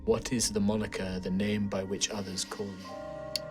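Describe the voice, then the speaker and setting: A solemn ancient mage in a fantasy tabletop game, speaking low, slow and distant, as the game master puts him on. Each word is weighed and grave, with a faint music bed underneath. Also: male voice, little pitch movement, close to an everyday voice.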